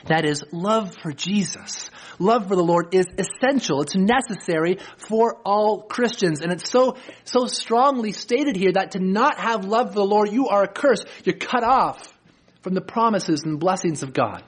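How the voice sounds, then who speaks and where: A pastor preaching a sermon to his church, earnest, swinging between low, slow passages and emphatic high points. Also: animated, husky.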